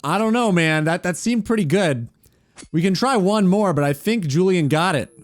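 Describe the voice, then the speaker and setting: A man's voice: high-pitched, lively intonation, moderate pace, no room sound. A man chatting casually on a gaming stream, teasing and mock-incredulous.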